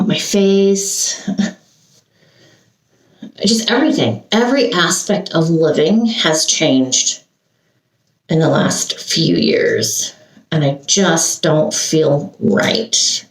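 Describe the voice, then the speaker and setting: A woman's voice: sits low, expressive, extremely slow, long pauses. An older woman from Santa Cruz, California, vlogging as she gets ready and talking in a rambling, emotional way with sighs and restarts. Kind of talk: get-ready-with-me chat. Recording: roomy echo, heard from a distance.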